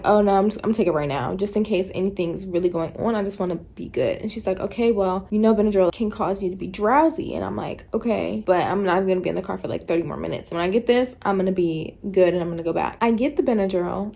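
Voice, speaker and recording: Chatty woman vlogger with a gravelly edge. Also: medium pitch, darkish tone. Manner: chatty retelling, acting out her own inner thoughts. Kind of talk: casual storytime vlog.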